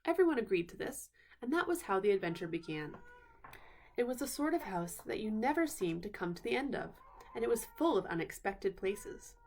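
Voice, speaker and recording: A woman reading a bedtime story aloud in an unhurried way, pausing now and then to explain words. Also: mid-range voice, sing-song, darkish tone, slight background noise.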